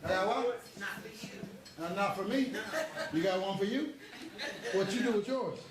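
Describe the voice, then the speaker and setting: On a theater stage, an actor plays a veteran male stand-up comic, teasing the crowd in a joking mood before turning reflective. His voice is high and his pace measured, heard from far off in a very echoey hall.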